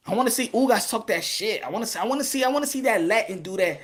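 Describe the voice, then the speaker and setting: A man giving an animated, profane boxing commentary rant, with hype-man shouting bursts and a lot of laughter. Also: high voice, very fast, hardly any pauses. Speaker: boxing vlogger.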